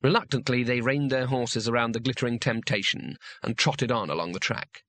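Man, audiobook narrator, wry, bright tone, dry studio sound. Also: medium pitch, fairly quick, no echo.

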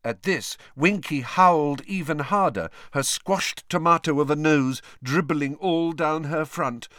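A man narrating an audiobook in an expressive storytelling manner. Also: fairly high pitch, measured pace, no echo, clean studio sound. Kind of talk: scripted narration.

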